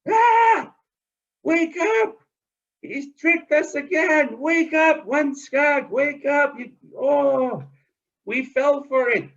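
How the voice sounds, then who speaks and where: A frantic, suspicious female mud hen, put on by a male storyteller, crying out her warnings in a shrill, squeaky voice. She swings her high voice wildly up and down. The sound is a little dull and muffled. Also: wildly swooping pitch, measured pace, creaky, a bit bright, husky, exaggerated voice. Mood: alarmed. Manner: high-pitched shrieking warnings.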